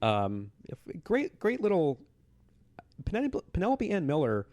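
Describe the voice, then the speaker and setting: A man's voice: a little high, wildly swooping pitch, measured pace, darkish tone, no room sound. A man co-hosting a podcast, in casual film chat. He is enthusiastic and rambling, restarting his sentences often. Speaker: podcast co-host.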